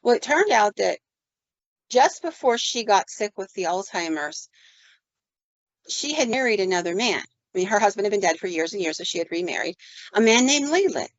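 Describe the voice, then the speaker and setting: A woman's voice: mid-range voice, lively intonation, moderate pace, dry recording, lo-fi sound. Chatty woman telling a ghost story. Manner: chatty, acts out voices in her stories. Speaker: podcast host. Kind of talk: casual storytelling.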